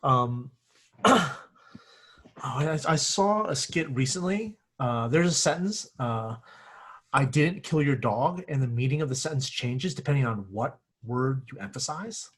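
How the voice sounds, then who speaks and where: Husky-voiced male instructor clearing his throat. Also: mid-range voice, expressive, measured pace, fairly bright tone. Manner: casual, filler-heavy, keeps clearing his throat; self-correcting, searches for words. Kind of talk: classroom lecture on giving feedback.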